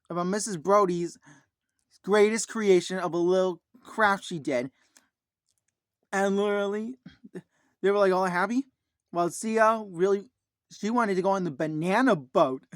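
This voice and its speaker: A man casually recapping a movie for his review show, rambling with constant "like, um" fillers and frequent throat clearing. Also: high-pitched, fairly bright tone, no echo, studio quality.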